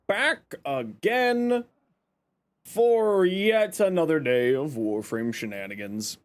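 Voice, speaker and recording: A man's voice: sits high, sing-song, slow pace. A man streaming a game live, chatting casually and greeting viewers by name with playful sarcasm. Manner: upbeat, greets chat by name.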